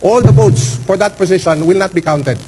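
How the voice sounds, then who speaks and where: A man speaking as a lawyer for a candidate, making a formal manifestation before a canvass board, deliberate and formal, stressing key words and pausing with fillers. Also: high-pitched, dark tone, a little hiss or hum, low-quality recording. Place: hearing room.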